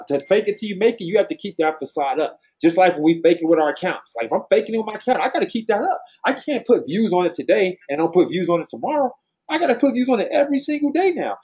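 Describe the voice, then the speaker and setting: A man's voice: sits high, darkish tone, husky. A man giving a blunt, passionate team talk in a loose, slangy way, like a trainer speaking to his team. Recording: dull lo-fi sound.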